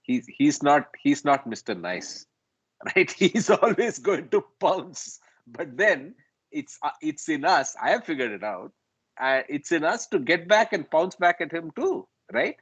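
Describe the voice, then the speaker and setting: A man, reasoning calmly in a group discussion and ending points with "right?". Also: fairly high pitch, measured pace, husky, dry recording, poor audio. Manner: conciliatory, ends points with "right?". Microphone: video call.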